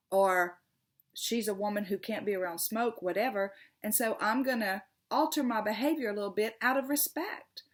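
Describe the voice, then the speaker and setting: A middle-aged woman, hosting a casual vlog monologue, earnest and passionate, often stumbling and repeating her words. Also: medium pitch. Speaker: tarot channel host.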